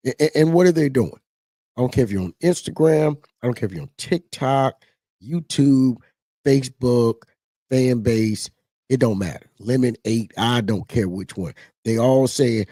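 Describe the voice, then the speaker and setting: A man talking in a casual, rambling political commentary, animated and mocking. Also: mid-range voice, moderate pace, slightly rough, no room sound. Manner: animated, rambling, mocks others in put-on voices.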